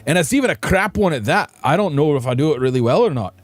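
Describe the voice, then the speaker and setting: A man's voice: on the high side, animated, quick pace, soft background music. A man streaming a game, chatting casually with viewers in a playful, rambling, self-mocking way. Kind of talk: casual live-stream chat.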